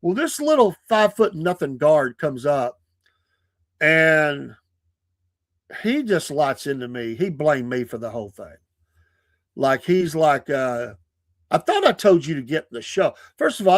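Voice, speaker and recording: Animated man telling stories. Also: fairly high pitch, unhurried, dry recording. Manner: animated, laughing often, acting out quoted people. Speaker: podcast host and preacher. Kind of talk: casual storytelling on a podcast.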